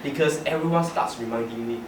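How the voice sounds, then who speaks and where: Speaking briskly in a medium pitch, a young adult man tells stories about himself in a humorous prepared club speech, laughing as he goes. The room echoes, there's noise, and the mic is far away.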